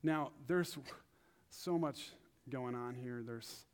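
A young man preaching in a casual, animated way, acting out quotes in funny high voices. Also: slow pace, clean tone. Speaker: pastor. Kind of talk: casual sermon.

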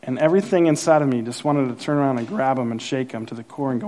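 A man preaching a sermon as pastor, telling a personal story with acted-out quotes and rising excitement. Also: fast. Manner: animated storyteller, acts out quotes, grows louder and higher as the story builds.

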